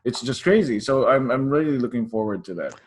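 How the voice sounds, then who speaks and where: A man's voice: mid-range voice, animated, fairly quick, husky. A man hosting a podcast interview, enthusiastic and upbeat in casual chat. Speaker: host.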